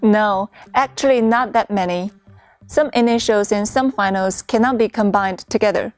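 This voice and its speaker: A woman teaching a beginner's pronunciation lesson in a clear, patient scripted dialogue. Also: mid-range voice, normal speed, faint music behind. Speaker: Chinese teacher.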